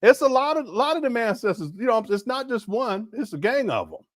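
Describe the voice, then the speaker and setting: A man's voice: very high-pitched, sing-song, a little fast, no room sound, studio quality. A man hosting a live reaction stream, laughing often, stumbling over his words and talking straight to his chat.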